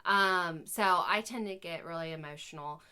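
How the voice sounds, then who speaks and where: On a family podcast she co-hosts, a woman in her thirties talks at a moderate pace in a fairly low, clean voice that comes across pushed and bright. The conversation is relaxed, she laughs a lot and she shares her emotions openly.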